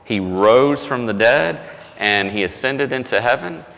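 A man's voice: medium pitch, expressive, measured pace, gravelly, fairly bright tone, in a large hall. A male pastor delivering a sermon in a conversational, self-deprecating storytelling way, with frequent restarts.

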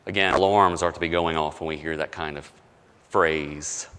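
A man preaching a conversational sermon as pastor, often dropping low and soft to stress a point. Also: steady tone, moderate pace, clean tone, long reverb tail.

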